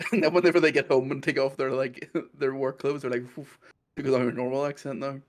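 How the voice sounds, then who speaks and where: Quick-talking Belfast man. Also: mid-range voice. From Northern Ireland. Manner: quick, rambling, laughs often. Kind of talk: casual chat.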